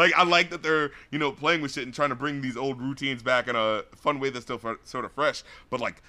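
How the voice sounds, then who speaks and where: A man co-hosting a podcast, chatting casually through an album review, rambling and animated, full of "like" and "you know". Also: mid-range voice, fairly quick, few pauses. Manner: acts out lyrics and studio scenes in loud put-on voices.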